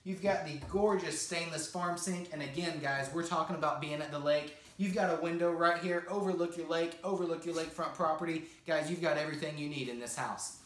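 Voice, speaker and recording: A man's voice: fairly high pitch, fairly quick, few pauses, a bit bright, reverberant, rough recording. A man giving an enthusiastic sales walkthrough of a small cottage, talking straight to the viewers. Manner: upbeat, salesy, keeps addressing viewers as guys. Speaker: home tour presenter. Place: inside a small manufactured cottage.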